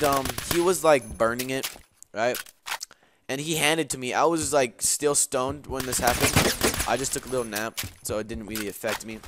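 A man's voice: mid-range voice, noisy background. A young man casually telling a rambling story, with lots of swearing and fillers, while playing a shooter game. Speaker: gaming video host. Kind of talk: casual gameplay commentary and storytelling. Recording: gameplay gunfire and clicks behind the voice.

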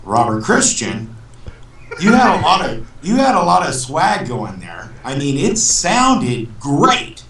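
A man guesting on a live talk show as a professional auctioneer, chatting easily with dry humor and breaking into a rapid auction chant. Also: a little high, huge pitch swings, a bit bright. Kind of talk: casual interview chat with auction chant. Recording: roomy sound, distant mic, faint noise.

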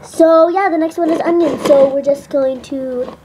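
A woman's voice: sits high, steady tone, normal speed, noisy background. A young girl playfully hosting a toy cooking video with a friend, giggly and bossy. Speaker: video maker.

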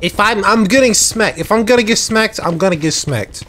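A gamer giving excited, trash-talking commentary while playing a shooter game. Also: mid-range voice, moderate pace, a little hiss or hum. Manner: hyped, whooping, trash-talking. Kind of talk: live gameplay commentary. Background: faint game music and gunfire.

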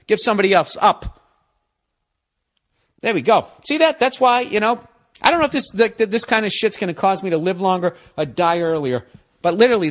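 A man's voice: high-pitched, fairly bright tone. A man hosting a podcast, ranting in a profane, exasperated comedic style and acting out both sides of arguments. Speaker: podcast host. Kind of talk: comedic rant.

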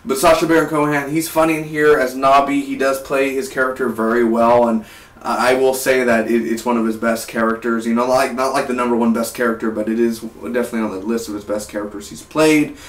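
A man's voice: mid-range voice, steady tone, a little fast. A young man in his twenties talking casually through a film review, rambling and often restarting his sentences. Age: 20s. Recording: roomy, distant from the mic.

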